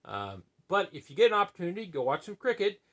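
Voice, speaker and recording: A man's voice: sits high, sing-song, quick pace, a bit bright. A man hosting his own channel, sharing opinions in a rambling, conversational way with plenty of fillers and tag questions. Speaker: channel host. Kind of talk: casual opinion vlog.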